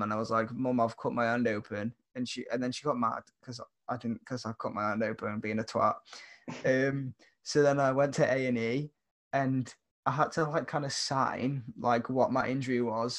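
A young man with a British accent telling a rambling, animated story in casual chat, often laughing as he goes. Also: medium pitch, normal speed. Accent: British English.

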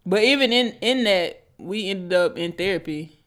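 A candid podcast co-host speaking at a middling pitch. The talk is loose and conversational, full of stories and easy swearing. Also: lively intonation, normal speed, fairly bright tone. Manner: candid, profane, storytelling. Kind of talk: casual chat.

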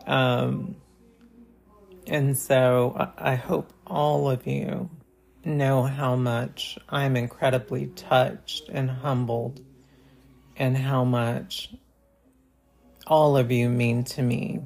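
A woman vlogger giving a heartfelt, halting holiday message to her viewers, with many pauses and fillers. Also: extremely low pitch, level tone, creaky, a little mellow. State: choked up.

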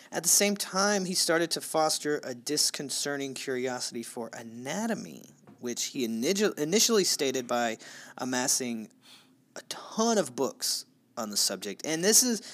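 A man co-hosting a true crime podcast, telling the story in a loose, profane, joking way. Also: on the high side. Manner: loose and profane, with dark jokes. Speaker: podcast co-host.

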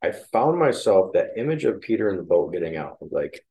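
A low-voiced man talks thoughtfully and earnestly as a guest in a casual conversation. His words carry a noticeable echo from the room. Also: big pitch swings, moderate pace, warm tone, a little hiss or hum. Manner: reflective, faith-minded talk. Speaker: podcast guest. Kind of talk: casual chat.

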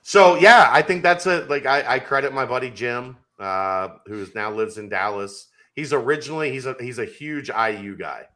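A man's voice: mid-range voice, moderate pace, few pauses, pushed and bright. A man co-hosting a sports podcast, making his case emphatically in casual debate and rambling into stories. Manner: emphatic, insistent, rambling storyteller.

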